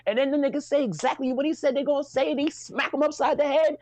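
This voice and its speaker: A man co-hosting a casual stream, telling stories in an animated, slangy and playful way. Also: very high voice, fast talker, hardly any pauses, dry recording, lo-fi sound. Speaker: stream co-host. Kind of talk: casual hyped chat.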